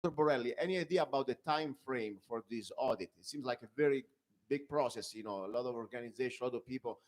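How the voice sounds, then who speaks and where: A man's voice: mid-range voice, fast talker. A man with an Italian accent hosting a political interview, chatty and full of short affirmations. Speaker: host.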